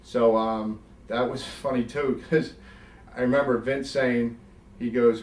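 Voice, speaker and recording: This interview guest, a middle-aged former wrestler from South Jersey, tells animated stories full of vivid acted-out quotes and free swearing. His mid-range voice is unhurried. The recording is reverberant and distant, with a little hiss or hum.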